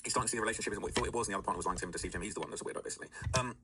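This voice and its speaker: A man's voice: on the low side, rapid-fire, noisy background. A man hosting casual commentary, talking in a rambling way with many fillers and "all right?" checks. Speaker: commentary host.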